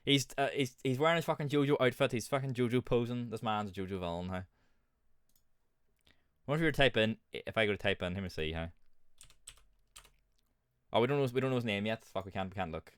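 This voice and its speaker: A man's voice: medium pitch, brisk, long pauses, clean tone, dry recording. A man doing casual gameplay commentary as a streamer, joking, swearing freely and muttering asides.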